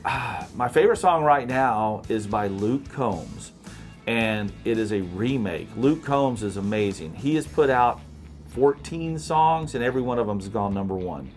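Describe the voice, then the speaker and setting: A man's voice: medium pitch, expressive, a little slow, faint music behind. A man from Tennessee with a Southern accent, a radio host chatting casually in a folksy, storytelling way. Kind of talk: casual chat.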